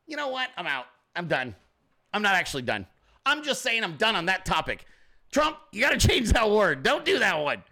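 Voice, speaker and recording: On his own livestream, a man with a high voice ad-libs a political rant that's quick, profane and full of energy. Now and then he shouts as he plays out scenarios.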